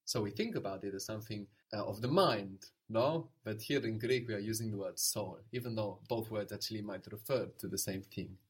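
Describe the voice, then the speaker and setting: A man's voice: fairly low pitch, brisk, hardly any pauses, husky. A man teaching a language lesson, patiently prompting, repeating answers and explaining where words come from.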